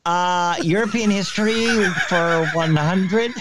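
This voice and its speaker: A man's voice: high-pitched, slow pace, heavy background noise. A man on a discussion panel, chatting casually and making wry, dry asides. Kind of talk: casual chat.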